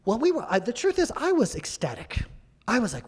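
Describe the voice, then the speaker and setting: Middle-aged man, emphatic sermon storytelling, husky voice, long church-hall reverb. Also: very high voice, wildly swooping pitch, brisk. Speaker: guest speaker. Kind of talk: sermon-style testimony.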